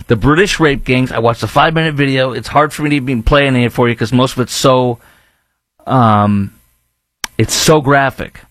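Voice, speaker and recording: A man's voice: mid-range voice, steady tone, fairly quick, a bit bright, no room sound. A man hosts a talk radio show in an emphatic, opinionated monologue, full of restarts and asides. His voice sits in a middle register. The studio sound is close and dry. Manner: emphatic, rambling, with mocking put-on voices.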